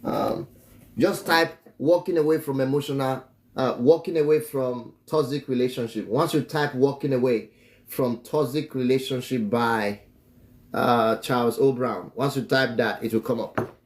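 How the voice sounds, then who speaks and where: A man's voice: mid-range voice, fairly even intonation, moderate pace. A man teaching about marriage on a live stream in a preachy way. He repeats phrases and chuckles often between remarks. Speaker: relationship teacher and author.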